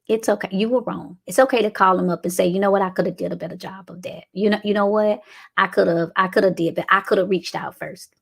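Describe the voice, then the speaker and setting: A woman's voice: mid-range voice, fairly even intonation, quick pace, gravelly. A woman, giving a motivational preaching talk as host, acting out quoted people and asking her audience for response.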